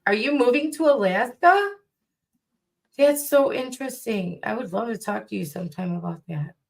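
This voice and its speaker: A woman's voice: fairly high pitch, animated, moderate pace, gravelly. Joking Chicago-accented woman. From Chicago area. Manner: joking, teasing, chatty. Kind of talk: casual livestream chat.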